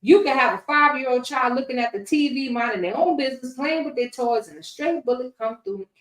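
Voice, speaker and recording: A woman's voice: high voice, animated, fairly quick. A woman answering interview questions in a casual, preachy and defiant way. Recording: echoey room, far from mic.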